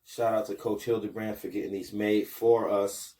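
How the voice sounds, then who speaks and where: A man in his thirties from Buffalo, New York, hosts a casual podcast. His voice sits low and mellow, picked up a little way off from the mic. He talks to his viewers and gets more energetic when he pushes them to share the show. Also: moderate pace, distant mic. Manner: hypes up viewers, rising excitement with promos. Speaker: podcast host and basketball coach.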